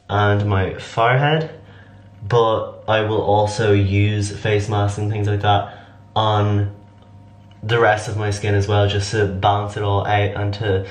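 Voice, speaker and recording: Guy doing a chatty skincare vlog, kinda raspy, low flat voice, echoey room. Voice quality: slightly raspy. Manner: rambling, filler-heavy, upbeat. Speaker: beauty vlogger. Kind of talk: casual skincare tutorial.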